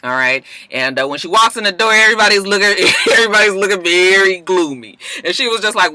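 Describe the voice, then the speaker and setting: A woman giving a casual, animated TV episode recap with Southern US dialect features and a profane streak. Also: fast, hardly any pauses, a little hiss or hum. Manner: animated and profane, bursts into high shrieks. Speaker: TV recap reviewer.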